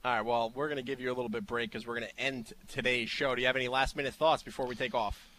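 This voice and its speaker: Bright-voiced male sports radio host. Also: medium pitch, steady tone, racing, a little hiss or hum. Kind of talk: casual sports radio talk.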